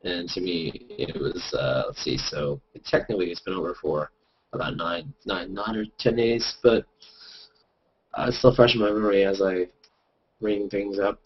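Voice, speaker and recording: A man's voice: sits low, fairly even intonation, normal speed, a little hiss or hum. A man hosting a casual group video chat, joking and rambling playfully over a webcam. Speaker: host. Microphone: webcam over video call. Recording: lo-fi video call audio.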